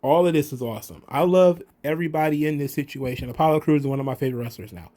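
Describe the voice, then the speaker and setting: A man's voice: on the high side, fast talker. A man giving a casual, profane wrestling recap, acting out the wrestlers' lines in raised voices. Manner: animated, profane, acts out quotes in raised voices. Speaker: wrestling commentary podcaster.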